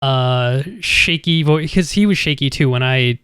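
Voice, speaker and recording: A tabletop game player talks in a casual, rambling way full of fillers. The voice is smooth and clear, recorded close and dry. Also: medium pitch, a little slow, fairly bright tone, no room sound.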